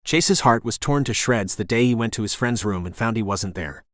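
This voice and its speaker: A man reads an audiobook as scripted narration, keeping a steady, even storytelling style. His voice is somewhat low and his speed normal, recorded in studio quality with no echo.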